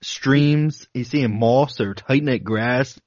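A man's voice: mid-range voice, takes it slowly, a little mellow, no echo, muffled recording. A man co-hosting a podcast, reading a flight log aloud with dramatic emphasis, chuckling between passages. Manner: dramatic reading with laughs breaking in. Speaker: podcast co-host.

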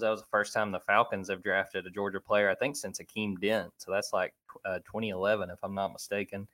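A man's voice: on the low side, little pitch movement, fairly bright tone. A man hosting a casual sports talk show, talking loosely with frequent fillers and restarts. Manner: conversational, lots of fillers, lists names quickly. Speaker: sports podcast host.

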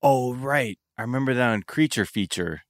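A man co-hosting a podcast, animated and joking, with some swearing. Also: medium pitch, moderate pace, dry recording, clean studio sound. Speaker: podcast co-host. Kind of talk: casual podcast chat.

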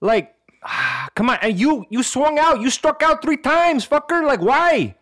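A man voicing a hot-tempered, foul-mouthed baseball coach with a Mexican-American English accent, yelling and cursing at his players. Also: extremely high pitch, big pitch swings, a little slow, pitched above the performer's own voice, exaggerated voice. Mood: angry scolding. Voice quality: loud, cursing, scolding.

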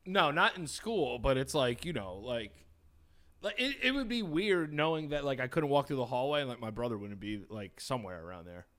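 A man's voice: medium pitch, expressive, fairly quick, a bit bright. A young man co-hosting a podcast in casual chat, teasing his friend and swearing as he jokes. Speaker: podcast co-host.

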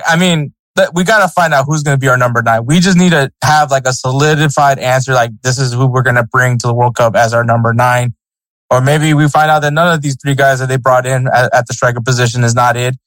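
A man's voice: medium pitch, steady tone, a little fast, a bit bright, no room sound, poor audio. A man co-hosting a sports podcast in casual chat, rambling with many fillers and restarts. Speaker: podcast co-host.

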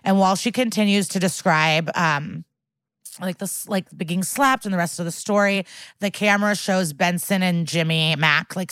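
A woman's voice: lowish voice, a bit bright, dry recording. A woman co-hosting a podcast, recapping a TV episode in casual chat with blunt, profane outrage. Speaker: podcast co-host.

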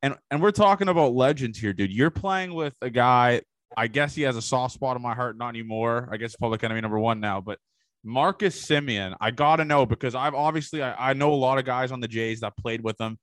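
A man's voice: mid-range voice, fairly quick, a bit bright, no echo. A man in a mid-range voice hosts a laid-back chat, asking long, eager questions that wander before landing. The sound is dry and close, with little room around it. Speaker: podcast host. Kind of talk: casual interview chat.

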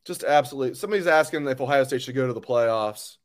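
A man's voice: medium pitch, quick pace. Angry ranting sports host, a man. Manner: angry, ranting, blunt, swears. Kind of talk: live call-in sports talk.

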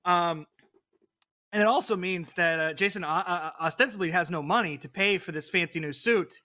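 A man's voice: high voice, normal speed, bright, forceful tone. A man playing a comedic tabletop role-playing game, hesitant with many ums but playful. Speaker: player.

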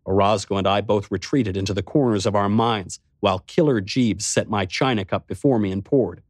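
A man's voice: on the low side, fairly quick, no room sound, clean studio sound. A man giving a first-person scripted narration in a wry, dramatic storytelling manner.

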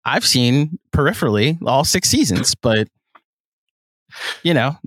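A man's voice: medium pitch, expressive, a little slow, a bit bright, dry recording. A man co-hosting a casual sports podcast, playful and teasing. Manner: playful, puts on a British accent reading a fan comment. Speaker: podcast co-host.

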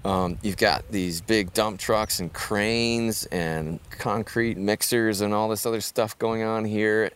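Deep-voiced man explaining wildlife outdoors. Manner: enthusiastic, casual, with fillers. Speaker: wildlife conservationist. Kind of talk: explaining on a field walk. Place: outdoors by a dry riverbed.

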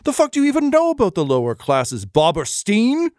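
A drunken, scornful duke, as a man acts him out, ranting and swearing at a high, strained pitch. His voice swings up and down with exasperation, and the sound is dry and close. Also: wildly swooping pitch, fairly quick, a little mellow, dry recording. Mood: furious ranting. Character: drunk, contemptuous older male duke.

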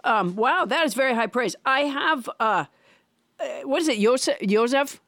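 A middle-aged woman comedian rambles playfully through her podcast banter. Her voice sits fairly high and moves in lively leaps of pitch. The recording is dry and close. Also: normal speed, dry recording.

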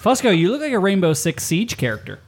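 A man's voice: sits high, wildly swooping pitch, quick pace. A man hosting a podcast in casual chat, teasing his co-host, swearing and laughing often.

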